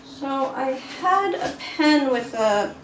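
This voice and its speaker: High-voiced woman rambling while she paints live, home studio, kinda echoey. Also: expressive, slow. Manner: chatty, rambling, self-deprecating asides. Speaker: livestream painter and host. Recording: roomy room, faint background noise.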